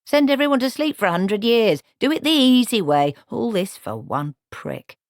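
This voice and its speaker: A woman voicing a stern, sharp-tongued old witch who scolds brusquely. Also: fairly high pitch, sing-song, normal speed, no room sound, clean studio sound, voice pushed up. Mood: scornful.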